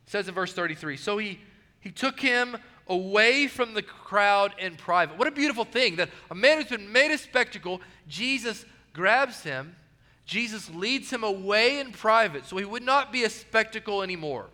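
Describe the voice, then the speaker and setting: A male pastor preaching a sermon, earnest, repeating key phrases and dropping soft and low on quoted words. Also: lively intonation, moderate pace, in a large hall.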